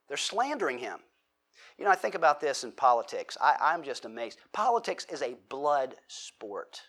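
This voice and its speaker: Man, sermon teacher, slightly high voice, chatty delivery that questions the crowd. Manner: conversational, asks the audience questions, acts out quotes. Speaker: pastor.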